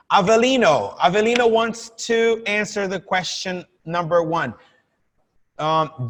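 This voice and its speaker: A man's voice: high-pitched, a bit bright. A man teaching a live online English class, encouraging and drilling pronunciation with his students. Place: room with lighting setup, filmed on laptop. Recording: reverberant room.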